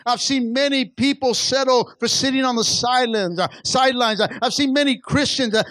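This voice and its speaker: High voiced guy preaching a sermon, stammers and repeats, dry close sound. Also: a bit bright, dry recording. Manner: preaching with rising and falling intensity, many repetitions and stammered restarts. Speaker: pastor.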